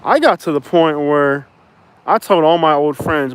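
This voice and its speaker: A Miami, Florida vlogger talks casually to the camera, his voice on the high side, smooth, and measured in pace. He jokes loosely with his viewers, calls them y'all, and rambles from one thought to the next.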